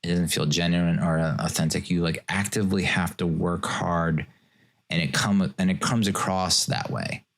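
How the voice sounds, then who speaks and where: Deep gravelly-voiced man hosting a podcast. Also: fairly even intonation, normal speed. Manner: rambling, self-mocking, with sarcastic mock-formal voices. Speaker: podcast host. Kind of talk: casual solo podcast monologue.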